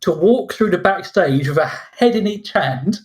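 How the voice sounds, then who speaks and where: Exasperated man ranting, fairly high voice. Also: lively intonation, measured pace. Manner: exasperated, mocking, acts out sarcastic reactions. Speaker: podcast co-host. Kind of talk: casual ranting film review.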